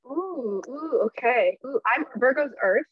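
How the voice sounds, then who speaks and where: A woman's voice: sits high, animated, measured pace, husky, dry recording. A woman speaking as a podcast guest in casual interview chat, emotional, effusive and earnest. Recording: dull, slightly lo-fi sound.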